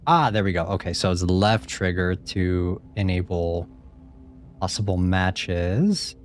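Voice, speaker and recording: A man's voice: low voice, slow pace, slight background noise. A man casually commenting while he plays a horror game, wry and reading prompts aloud. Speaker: streamer playing a game. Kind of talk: casual let's-play commentary.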